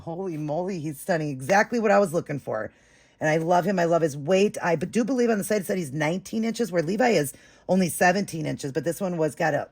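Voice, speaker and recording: A woman's voice: on the low side, vocal fry, darkish tone. A woman vlogger chatting to camera, gushing and affectionate, with many fillers. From United States. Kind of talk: casual chat to camera.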